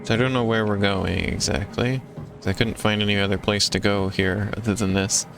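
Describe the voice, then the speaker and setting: Low-voiced man streaming a game. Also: fairly even intonation, fairly quick, gravelly, music in the background. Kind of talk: live game stream commentary.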